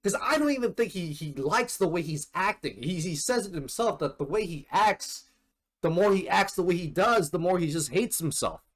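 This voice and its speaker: A man giving casual commentary in an anime reaction video, talking in a rambling, animated way with some casual swearing. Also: sits high, moderate pace.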